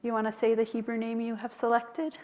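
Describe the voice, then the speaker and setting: A woman's voice: fairly high pitch, monotone, a little fast, dark tone. A woman rabbi leading a worship service in a synagogue, speaking tenderly and chanting Hebrew blessings. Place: synagogue sanctuary.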